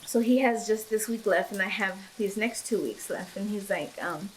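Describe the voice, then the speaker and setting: In her home kitchen, a young pregnant woman vlogs while cooking, chatting emotionally, giggling, and using lots of fillers as food sizzles in a pan. Her medium-pitched voice moves at a moderate pace, and the poor audio carries a little hiss or hum.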